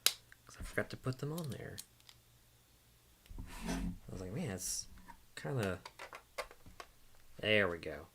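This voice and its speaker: A man's voice: low-pitched, big pitch swings, a little slow, creaky, long pauses, noisy background. A man casually chatting on a home livestream, playful and self-teasing, cooing at his dog. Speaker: livestream host.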